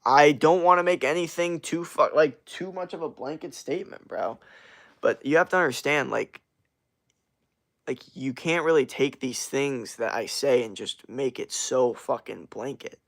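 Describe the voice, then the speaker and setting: A man's voice: mid-range voice, normal speed. A young man chatting casually on a livestream, rambling with lots of fillers and slang as he answers chat comments. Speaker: streamer.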